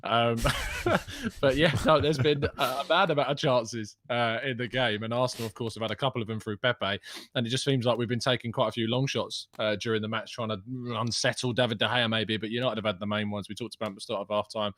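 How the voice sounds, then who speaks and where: A man's voice: medium pitch, fairly even intonation, fairly quick, fairly bright tone. A man joining a football livestream from afar, casually breaking down the match and laughing easily. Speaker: co-host on call. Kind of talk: casual match analysis chat. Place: remote, watching on delay.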